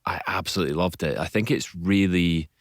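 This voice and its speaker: A Scottish man chatting as a guest on a radio show, modest and quick to laugh at himself. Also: low-pitched, steady tone, no room sound, clean studio sound. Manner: modest, self-deprecating, laughs easily. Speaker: radio guest, singer and actor. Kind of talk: casual radio interview chat. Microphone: studio microphone.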